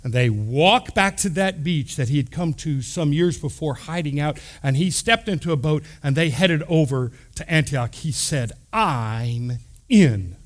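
A middle-aged man from Texas, a pastor telling stories in an animated, conversational sermon with lively asides. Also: on the high side, moderate pace, few pauses. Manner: animated, acts out quoted voices, conversational asides. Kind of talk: storytelling sermon.

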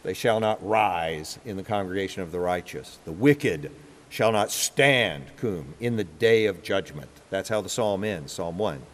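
A man preaching a sermon in an auditorium, rising to raised, emphatic passages and dropping to low, slow ones. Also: expressive. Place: large auditorium. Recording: long hall reverb.

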